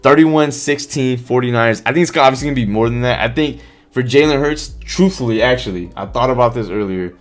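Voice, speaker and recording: A man with a mid-range voice speaks briskly while hosting a football live stream. Faint music plays behind him as he talks casually, swears freely, and animatedly reads chat comments aloud.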